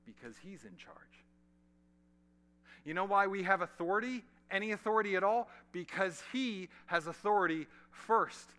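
Bright-voiced preacher man, loud then hushed. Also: sits high, expressive, normal speed. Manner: dynamic preaching, swinging from loud emphasis to hushed near-whispers; conversational asides to the congregation. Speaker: pastor. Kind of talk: sermon. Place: large church hall.

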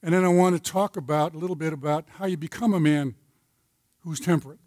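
A man's voice: on the high side, fast talker, darkish tone, dry recording. A retired older man teaching a men's Bible study, telling a folksy story and citing scripture. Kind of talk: sermon-style teaching.

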